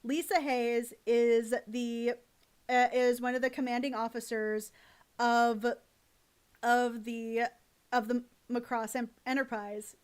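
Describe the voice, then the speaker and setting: A young woman chatting on a live stream from her home setup, her voice pitched high. She rambles and gushes, swears casually and stops to thank her chat. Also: flat delivery, slow, clear, resonant tone.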